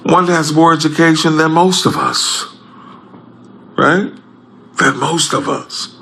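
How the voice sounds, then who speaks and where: A man speaking in an impassioned public address, emphatic and repetitive, swinging between loud outbursts and low tones. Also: takes it slowly, vocal fry, slight background noise.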